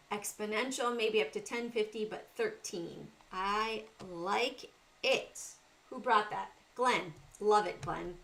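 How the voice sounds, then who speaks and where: A woman's voice: mid-range voice, a bit bright, slight background noise. A middle-aged woman with a Southern US accent hosting a casual trading livestream, talking through charts and greeting chat viewers by name.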